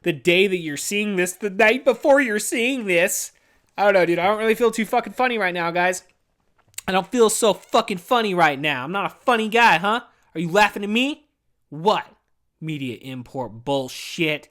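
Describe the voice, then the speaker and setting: A man's voice: high voice, expressive, normal speed, a bit bright. A man in his thirties hosting a podcast, venting in a weary, rambling way and swearing constantly. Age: 30s. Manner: profane, rambling, says "dude" constantly. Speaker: podcast host. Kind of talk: casual rambling monologue.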